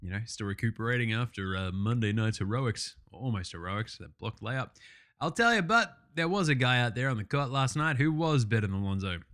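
A man hosting a casual sports recap, ranting excitably and swearing a lot. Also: medium pitch, a little fast. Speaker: podcast host.

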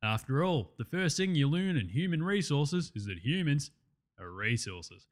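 A man's voice: on the high side, very animated, normal speed. A man with an Australian accent voicing a dry, mock-corporate basketball player posing as an office HR manager in a comedy sketch. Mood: deadpan.

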